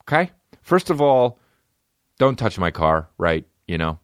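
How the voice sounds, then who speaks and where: A man's voice: lowish voice, sing-song, a little slow, clean tone, no room sound, clean studio sound. A man in his thirties hosting a podcast, telling rambling, profane, self-deprecating stories in a casual comedic way. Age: 30s. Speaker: podcast host.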